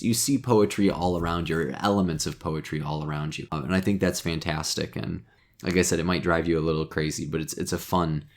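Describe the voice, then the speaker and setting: A man teaching poetry in a chatty, self-deprecating way as host of his own lesson channel. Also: low voice. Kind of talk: casual explainer lesson.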